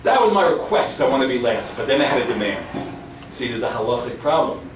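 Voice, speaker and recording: Animated rabbi telling stories in an echoey hall. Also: male voice, mid-range voice, brisk, over music. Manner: animated storyteller mixing in Hebrew and Yiddish terms; emphatic, repeats key phrases. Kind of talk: storytelling lecture. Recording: echoey hall from far off, faint noise.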